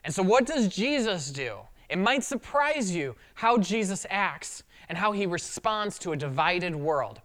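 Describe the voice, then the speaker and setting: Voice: mid-range voice, lively intonation, measured pace, few pauses, a bit bright. A pastor preaching a sermon in a conversational way, acting out quotes along the way.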